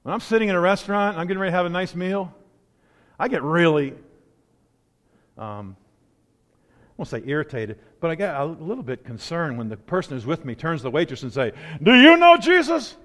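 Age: unknown. Role: preacher. Style: conversational sermon with stories and asides. Pitch: high for a man. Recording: long hall reverb in a church sanctuary. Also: a little fast, pauses often.

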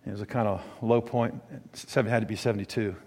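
A man's voice: fairly low pitch, steady tone, fast talker, darkish tone, in a large hall. A man preaching, telling a rambling personal story with self-corrections. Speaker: pastor.

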